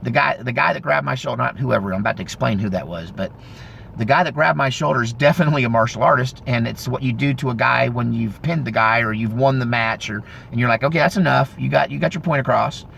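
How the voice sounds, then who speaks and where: A man in his fifties telling a story casually, in a rambling, animated way with frequent self-corrections. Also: medium pitch, fast talker, creaky, a little hiss or hum. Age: 50s. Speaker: vlogger.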